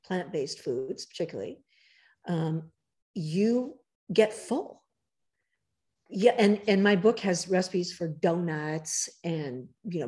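A woman author as a podcast guest, talking casually but emphatically, lecturing in quick bursts, her voice rough in the morning. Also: lowish voice, mellow. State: morning voice, throat clearing.

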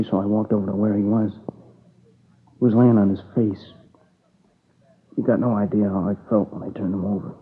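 A man's voice: fairly low pitch, husky. An actor playing an exhausted, tearful young man who halts and speaks in a subdued voice as he recounts his friend's murder. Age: young adult. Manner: halting, subdued, weary. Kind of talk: dramatic dialogue. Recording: tinny lo-fi old broadcast.

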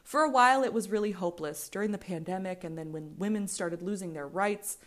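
A woman's voice: mid-range voice, a little fast. Candid young American woman podcasting solo. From United States. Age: 20s. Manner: candid, rambling, swears freely, with frequent restarts. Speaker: podcast host.

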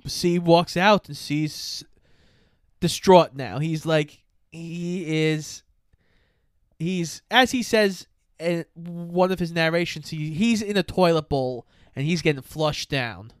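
A man's voice: a little high, slow pace, clean tone, no echo, clean studio sound. A man casually retelling a film's plot scene by scene and voicing the characters he quotes. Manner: storytelling, voices characters in quotes. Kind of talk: casual chat recapping a film.

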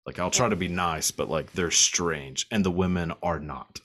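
A man's voice: deep voice, moderate pace, fairly bright tone. A man hosting a podcast in casual chat, laughing often, swearing and rambling with many fillers. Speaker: podcast host.

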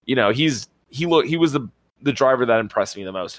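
A man telling a rambling, excitable story as a podcast co-host, swearing casually. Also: mid-range voice, fast, no room sound. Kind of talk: casual chat.

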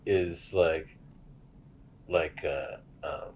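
A man's voice: low voice, drawn-out words, a little mellow, a little hiss or hum. A man hosting a casual podcast chat, rambling, swearing freely and laughing as he tells stories. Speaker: podcast host.

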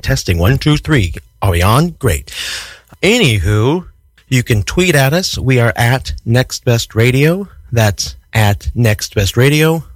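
A man's voice: medium pitch, no room sound. A man hosting a community radio show from the studio, reading the opening with jokey, mock-dramatic asides.

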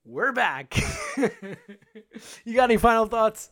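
An emphatic, animated sports podcast co-host with a mid-pitched voice, arguing points hard and laughing easily. The recording is close and dry, with no room sound. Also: slow, no room sound. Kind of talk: casual sports podcast chat.

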